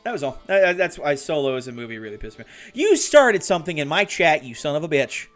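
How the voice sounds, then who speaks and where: A man's voice: fairly high pitch, very animated, fast talker. A man hosts a casual hobby live stream at his desk mic. He banters animatedly, swears and laughs easily, and reads out chat messages as they come in. Faint music plays behind him.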